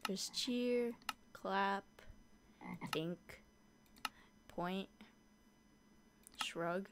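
A young woman chatting casually through a modded block-building game, easily scared and quick to shriek at monsters. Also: medium pitch, noisy background. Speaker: gaming YouTuber. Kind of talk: casual gameplay commentary.

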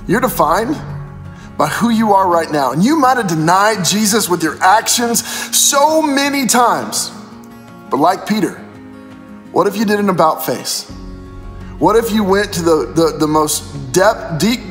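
A man with a high voice delivers a casual pastor's devotional, retelling scripture in everyday slang. The sound carries a long hall reverb. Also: expressive, a little slow, fairly bright tone, soft background music.

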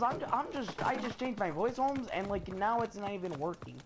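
A man giving excitable, slangy, trash-talking commentary over his gameplay. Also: sits high, moderate pace, heavy background noise. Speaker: gamer. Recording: loud gunfire from the game behind. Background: game gunfire and effects.

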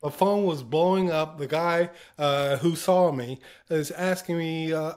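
Man guest, slightly high voice, unhurried anecdotes, voices his quotes, laughs a lot. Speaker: interview guest, former TV broadcaster. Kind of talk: casual anecdotal storytelling.

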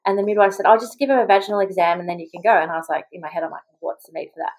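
Fast-talking Australian woman telling a story. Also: medium pitch, darkish tone, low-quality recording. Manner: chatty, quick, full of "like" and acted-out quotes. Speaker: podcast guest, mother. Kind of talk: casual storytelling in an interview.

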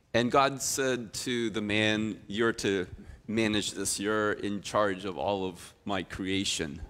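A middle-aged pastor with a lowish voice preaches a sermon full of expressive storytelling, his delivery swinging from loud to quiet.

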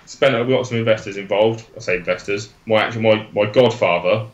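A man's voice: lowish voice, brisk, lo-fi sound. A young man with an Oxfordshire accent, chatting as a guest on a live stream, rambling and correcting himself as he goes, with easy laughs. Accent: Oxfordshire English. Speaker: guest, e-liquid maker. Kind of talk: casual live-stream chat.

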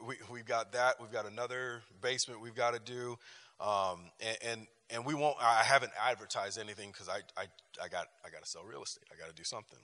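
A man leads a church relationship class, driving his points home by repeating phrases and restarting sentences. His voice is forceful and bright at a middle pitch. The sound carries a long reverb from the church room. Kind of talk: lively class talk with personal stories.

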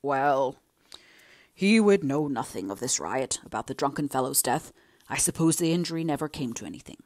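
A woman's voice: a bass voice, lively intonation, normal speed, darkish tone, no echo, studio quality, pitched below the performer's own voice. A woman voicing a kindly elderly male family friend in an audiobook, speaking in a soothing, earnestly reassuring way. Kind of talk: audiobook character reading.

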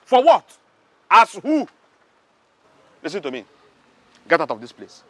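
A man playing a loud, scornful palace guard. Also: huge pitch swings, measured pace, dry recording, heavily acted. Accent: Nigerian. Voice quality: high, bright, shouting and mocking. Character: arrogant loud-mouthed male palace guard. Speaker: palace security chief. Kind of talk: Nollywood drama acting.

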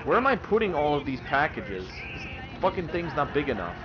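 A man's voice: a little high, sing-song, normal speed, highs cut off, very noisy. A young man swearing and ranting in exasperation as he comments on his own gameplay. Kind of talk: let's-play commentary.

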